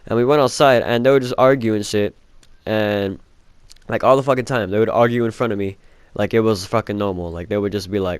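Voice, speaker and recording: A man's voice: fairly low pitch, fairly even intonation, a little fast, clear, resonant tone, no echo. Young man swearing through a rambling story. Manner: rambling, heavy swearing, many "like" fillers. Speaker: vlogger. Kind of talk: casual storytime monologue.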